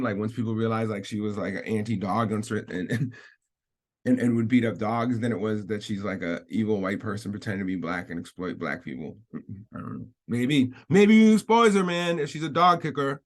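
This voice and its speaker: A man's voice: fairly low pitch, a little fast. A man giving casual commentary as he reads out a news article, rambling and repeating himself, laughing often, and breaking off to hedge his points. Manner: rambling, repetitive, hedging, frequent laughs. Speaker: commentary vlogger.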